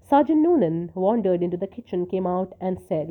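A woman reading a short story aloud in a measured, even narration. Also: fairly low pitch. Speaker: story reader. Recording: tinny phone-like sound.

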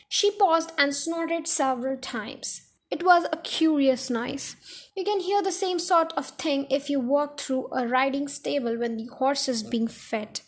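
Woman reading a kids book chapter out loud, high voice, plain and steady. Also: a little slow. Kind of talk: casual storybook read-aloud.

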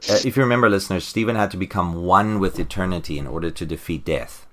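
A man hosting a casual podcast, excitedly retelling a comic-book story with lots of fillers and restarts. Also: sits low, quick pace. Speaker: podcast host.

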